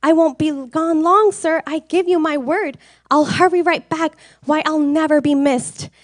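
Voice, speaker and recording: Brief: woman playing a lazy female bird, high, lilting and wheedling, dry sound. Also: steady tone, unhurried, dry recording. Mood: coaxing.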